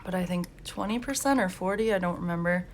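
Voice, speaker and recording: Young woman, low gravelly voice, chatty storyteller, laughs often, faint hiss. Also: fast talker. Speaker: coloring channel host. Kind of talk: casual chat while coloring.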